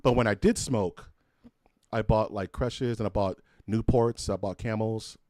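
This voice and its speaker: Speaking a little slowly at a fairly low pitch, with no echo, this male podcast co-host chats casually and spins loose stories. He's an animated storyteller who swears freely and imitates the voices of others along the way.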